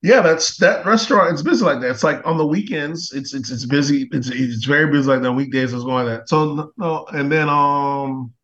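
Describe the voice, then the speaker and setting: A man's voice: on the high side, normal speed, few pauses, a bit bright, dull audio. A man chatting casually as a podcast co-host, rambling, repeating words and arguing his point insistently. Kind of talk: casual chat.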